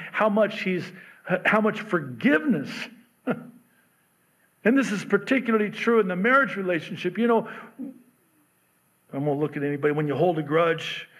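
A middle-aged man preaching a sermon as pastor, conversational and joking, acting out the voices in his stories. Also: sits high. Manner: conversational and joking, acts out quotes.

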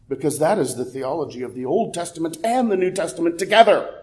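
Brief: male pastor, somewhat high-pitched, preaching in a casual, self-correcting way that swells to loud emphatic points. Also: quick pace. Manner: builds to loud emphatic peaks, then drops low; conversational, with fillers and self-corrections. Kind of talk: sermon.

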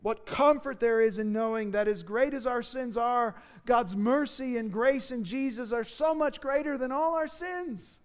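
A pastor delivering a sermon in an earnest, emphatic way, with dramatic rises for key phrases. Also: male voice, very high voice, unhurried, hardly any pauses, smooth.

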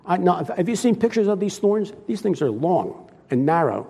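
High-voiced preacher in an echoing hall. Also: male voice, big pitch swings, moderate pace, warm tone, slightly rough. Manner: conversational, asks the listeners questions. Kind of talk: sermon.

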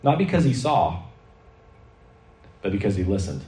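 A man preaching a sermon, telling stories in a lively way and acting out the voices he quotes. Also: lowish voice, normal speed. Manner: animated storytelling preacher, acts out quoted voices. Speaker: pastor. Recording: echoey hall, mic at a distance.

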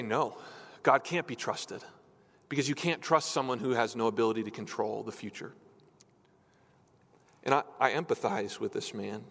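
A man's voice: medium pitch, a bit bright. A man preaching a sermon as a pastor, talking earnestly and pleading, his voice lifting on questions. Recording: long hall reverb.

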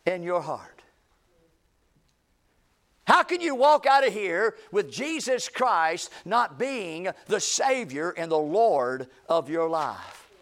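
High-voiced preacher, slow and deliberate. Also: male voice, very animated. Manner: preaching with dramatic pauses, swinging from loud to hushed; reads scripture aloud in a slow, deliberate cadence. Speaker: pastor. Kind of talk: sermon. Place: church sanctuary.

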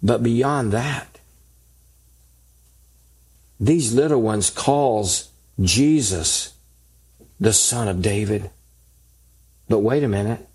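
Slow, deliberate male preacher. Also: lowish voice, a little mellow, husky. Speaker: pastor. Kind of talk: sermon.

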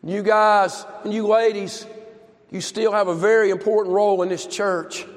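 An older man preaching a folksy, impassioned sermon that builds to shouts. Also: high voice, little pitch movement, normal speed. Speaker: pastor. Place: church service. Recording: long church reverb.

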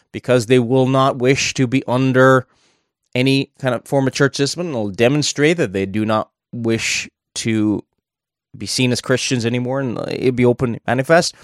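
A man's voice: medium pitch, no room sound, studio quality. A man preaching a sermon in a conversational way, thinking aloud and adding asides as he explains a verse.

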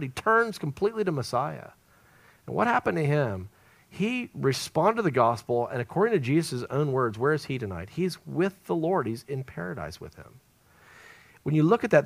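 Guy preaching in church, goes big and loud then drops real quiet, very dramatic delivery. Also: on the high side, vocal fry. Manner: dramatic swings from loud emphasis to hushed near-whisper. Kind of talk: evangelistic sermon. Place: church service.

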